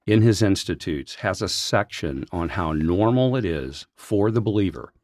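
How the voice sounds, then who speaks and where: A man's voice: low-pitched, no room sound, clean studio sound. A man who works as a senior pastor, telling a personal story on a podcast in an earnest, heartfelt way. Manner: earnest, heartfelt, animated in places.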